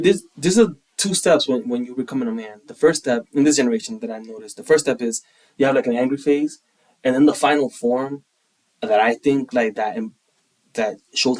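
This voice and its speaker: A young man co-hosting a podcast in casual, opinionated chat, animated and quick to act out quotes. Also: medium pitch, recorded from a distance, low-quality recording. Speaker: podcast co-host.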